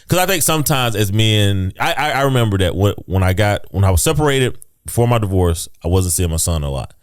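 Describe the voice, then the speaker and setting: A man's voice: lowish voice, animated, fairly quick, smooth, dry recording, clean studio sound. A man co-hosting a podcast in casual chat, earnest and advice-giving. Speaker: podcast co-host.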